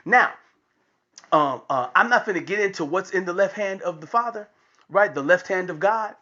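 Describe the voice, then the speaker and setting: A man tells a comic story with a preacher's lively swing, his pitch rising and falling widely. The recording sounds dull and lo-fi. He leans hard into every line. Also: normal speed. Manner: animated, preacher-like delivery. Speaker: comedian.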